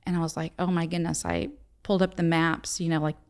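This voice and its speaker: A woman's voice: deep voice, level tone, a little fast. A middle-aged woman, a guest telling a personal story in conversation, acting out the dialogue in earnest. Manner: retells events by acting out quoted dialogue, earnest.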